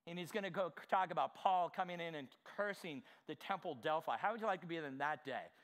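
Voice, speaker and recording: A man preaching a sermon with fervor, asking the congregation direct questions and swinging from quiet asides to shouted exclamations. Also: on the high side, a little fast. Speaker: pastor.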